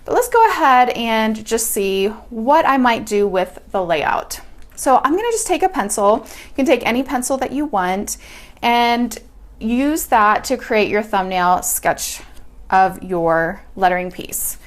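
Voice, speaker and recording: A woman gives a relaxed, hands-on lettering tutorial, chatting as she works through a sketch. Her voice sits a little on the higher side, and her tone is friendly and informal. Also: a little slow. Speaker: lettering teacher.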